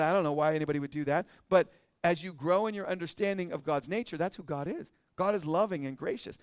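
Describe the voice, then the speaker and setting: A man with a high voice teaches a church service in an earnest, conversational way, checking in with his listeners with a frequent "right?". He slows down to read scripture deliberately. The sound is dry and close, with no room echo. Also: smooth. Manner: reads scripture slowly and deliberately. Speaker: pastor teaching a midweek service.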